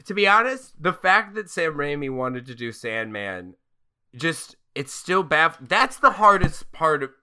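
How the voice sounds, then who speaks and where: A man's voice: a little high, sing-song, measured pace, pushed and bright, clean tone. A man co-hosting a podcast in casual movie-discussion chat, profane, sardonic and rambling. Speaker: podcast co-host.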